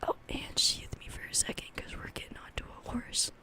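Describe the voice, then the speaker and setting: A woman's voice: a little fast, sharp tone, lightly acted. A woman voicing an ancient, bloodthirsty talking sword, gleefully gloating over each kill in a whispered role-play.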